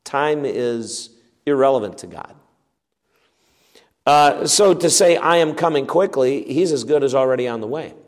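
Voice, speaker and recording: A man's voice: mid-range voice, lively intonation, a little slow, in a large hall. A man preaching an expository sermon, emphatic and repeating his key words for weight.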